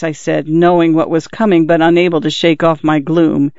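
A man reads a literary novel aloud, measured and reflective in his delivery. His voice is slightly higher than most men's. The recording is dull and dry, with no room sound. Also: little pitch movement, darkish tone, no room sound. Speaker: audiobook narrator. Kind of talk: literary audiobook reading.

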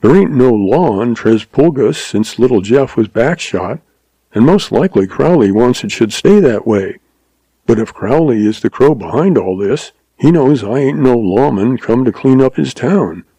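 A big rustler-hunting cowboy talks in a terse, gritted drawl, as a man reads him. The voice is gravelly and dark. It sits close and dry in a storybook reading. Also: mid-range voice, expressive, normal speed, no echo, poor audio. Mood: hard, tense. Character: big, tough male cowboy rustler hunter.

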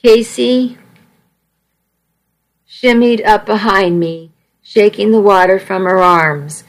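A woman's voice: mid-range voice, slow, low-quality recording. A woman reading a first-person story aloud in a wry, conversational way. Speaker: audiobook narrator.

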